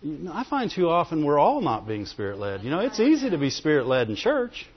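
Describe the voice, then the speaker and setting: A man's voice: fairly high pitch, huge pitch swings, fairly quick. A man preaching a sermon in a conversational way, often laughing and calling for amens. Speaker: pastor. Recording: dull lo-fi recording in a reverberant hall.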